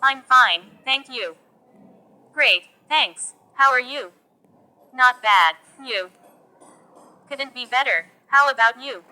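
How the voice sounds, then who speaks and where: A woman teaching English, reading example phrases for learners one by one in a slow, deliberate delivery. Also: high voice, lively intonation, bright, forceful tone.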